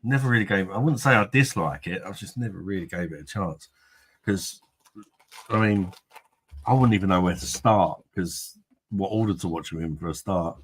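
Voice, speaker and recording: A man's voice: sits low, normal speed, fairly bright tone, slightly rough. A man hosting a casual livestream, reading out viewer comments, jokey and rambling, tipsy from beer and laughing often. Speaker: livestream host.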